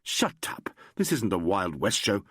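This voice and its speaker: A peevish, blustering middle-aged man, brusque and dismissive, as voiced by a male narrator. The voice swings widely in pitch. It is recorded close and dry. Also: sing-song, a little slow, a bit bright, breathy edge, no room sound, heavily acted. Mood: irritable.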